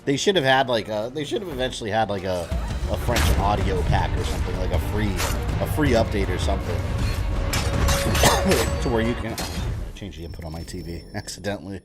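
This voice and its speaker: A man's voice: on the low side, expressive, moderate pace. A young man streaming a video game, rambling casually with chuckling asides. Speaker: gaming streamer. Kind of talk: casual gameplay commentary. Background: game music.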